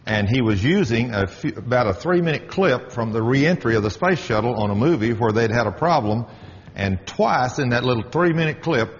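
A middle-aged man who works as a manager gives a firm, emphatic spoken testimony, telling stories in a preacherly way. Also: mid-range voice. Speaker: workplace manager giving a testimony. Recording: dull audio with long hall reverb.

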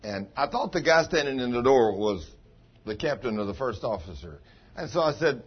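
A man's voice: mid-range voice, expressive, a little fast, breathy edge. A man pastor telling stories in a folksy, homespun sermon, with plain country grammar. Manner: folksy, ungrammatical country speech. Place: church. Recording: dull lo-fi sound.

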